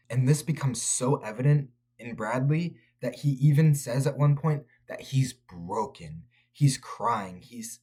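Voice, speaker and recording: A man's voice: on the low side, a little mellow, breathy edge. A man reviewing a film for his channel, talking straight to his viewers in an earnest, preaching way. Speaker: faith-based film reviewer.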